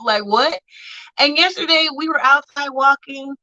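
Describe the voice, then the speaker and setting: A young adult woman co-hosting a casual chat, telling a story with lively acted-out quotes. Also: high voice, moderate pace, no room sound, highs cut off. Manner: animated storytelling, acting out quotes. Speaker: co-host.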